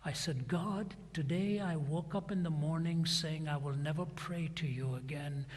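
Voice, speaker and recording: Older guy preaching, slightly high husky voice, acts out the back-and-forth, long reverb like a big hall. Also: moderate pace. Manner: dramatic retelling, acting out each side of a dialogue. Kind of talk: sermon storytelling.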